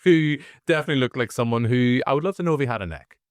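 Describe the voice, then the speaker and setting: A Northern Irish man co-hosting a movie review podcast, rambling casually with restarts and animated asides. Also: medium pitch, racing, no room sound, studio quality. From Northern Ireland. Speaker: podcast co-host.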